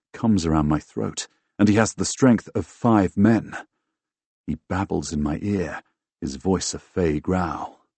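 A man narrating a first-person fantasy audiobook in a dramatic, expressive way, recorded close on a studio microphone. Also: sits low, breathy edge, no room sound. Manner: dramatic, expressive, bursts into loud shouts in dialogue.

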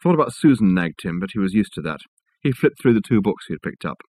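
Husky male audiobook narrator. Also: lowish voice, very animated, quick pace, darkish tone, no room sound. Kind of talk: scripted narration of a novel.

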